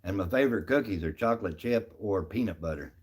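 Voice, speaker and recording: A man's voice: sits low, animated, fast talker. A middle-aged man casually chatting on a live stream, answering viewers by name in a folksy, easygoing way. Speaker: livestream host reading chat.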